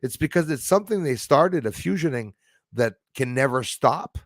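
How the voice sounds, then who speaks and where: A man's voice: medium pitch, expressive, normal speed, no echo, studio quality. A man hosting a casual livestream, chatting with viewers by name and often stumbling over his words. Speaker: livestream host reading chat.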